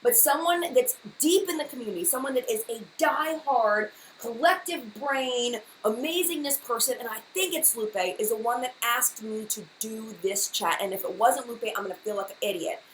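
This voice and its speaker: A woman's voice: on the high side, moderate pace, few pauses. Flustered chatty woman in an echoey room. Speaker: beauty YouTuber hosting a live chat. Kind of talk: casual live-stream chat. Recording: echoey room with faint background hiss.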